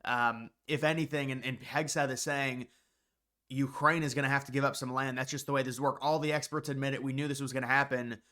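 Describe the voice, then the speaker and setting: Opinionated man, bright voice. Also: mid-range voice, flat delivery, brisk. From United States. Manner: opinionated, talks off the cuff with restarts. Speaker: political commentary vlogger. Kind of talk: casual political commentary.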